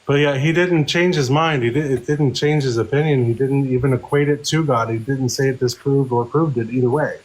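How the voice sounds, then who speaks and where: A man steering a live online debate, laying out his points in a measured, explanatory way. His pitch stays in an ordinary middle range. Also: fairly even intonation, low-quality recording.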